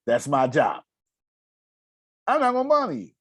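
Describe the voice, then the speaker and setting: A man's voice: a little high, wildly swooping pitch, moderate pace, a bit bright, dry recording. A man coaching a group over a video call, blunt and profane, with emphatic delivery. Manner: blunt, profane, emphatic, acts out quoted voices. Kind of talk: motivational coaching talk.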